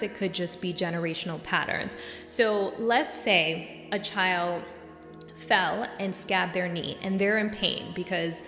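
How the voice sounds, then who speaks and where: Young woman from new york doing a solo podcast, earnest, gets all fired up, roomy echo and soft music behind. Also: fairly low pitch, gravelly. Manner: earnest, gets worked up and animated. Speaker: podcast host and coach. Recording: echoey room with long reverb.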